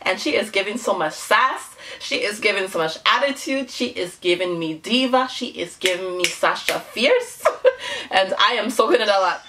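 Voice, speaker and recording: A woman's voice: medium pitch, lively intonation, moderate pace, noisy background. A woman hosting a casual reaction vlog, bubbly and giggly, gushing out exclamations to her viewers. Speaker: YouTube reaction host.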